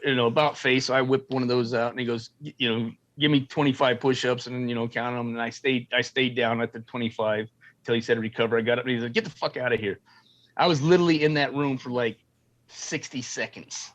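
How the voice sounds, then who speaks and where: A man's voice: medium pitch, steady tone, a little fast. A middle-aged man, a former Marine, telling war stories in a casual, profane way and acting out quotes. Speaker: guest, former Marine and film military advisor. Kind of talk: casual storytelling interview.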